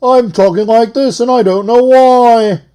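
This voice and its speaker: A man doing an impression of an older male celebrity TV host, with a loud, high, showy delivery. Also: unhurried, smooth.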